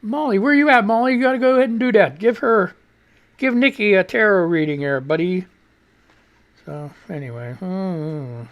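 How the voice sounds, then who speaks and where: A radio host in his sixties runs a live stream, talking casually with plenty of profanity, wandering off on tangents, laughing at himself, and reading tweets from viewers. He speaks at a normal speed in a high-pitched voice.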